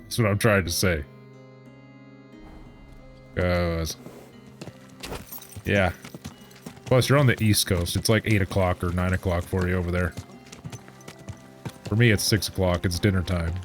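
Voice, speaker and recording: A man's voice: low voice, steady tone, a little slow, long pauses, soft background music. A man streaming a game, chatting casually and joking over the gameplay.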